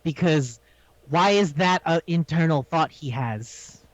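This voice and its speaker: Profane, animated man recapping a show. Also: a little high, slow pace, dry recording. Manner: animated, profane, acts out characters' lines. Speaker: podcast co-host. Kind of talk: casual recap chat. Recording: dull lo-fi sound.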